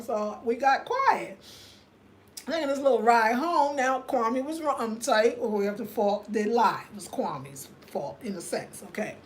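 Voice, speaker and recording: An older woman telling a story in a casual, animated way, swearing and acting out the other people in it. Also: a little high. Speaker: vlogger.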